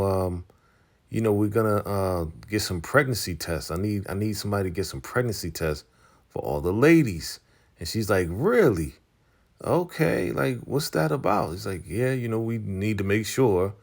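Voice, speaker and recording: A man's voice: low-pitched, darkish tone. A man vlogging a casual TV episode recap, retelling scenes as quoted dialogue in a slangy, chatty way. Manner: slangy, conversational.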